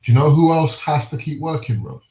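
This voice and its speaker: A man's voice: fairly high pitch, sing-song, brisk, dark tone, slight background noise. A young man tells a story in loose slang, swearing as he goes. The banter is casual and easygoing. His voice rings in a roomy, echoing space. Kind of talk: casual banter among friends. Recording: roomy echo.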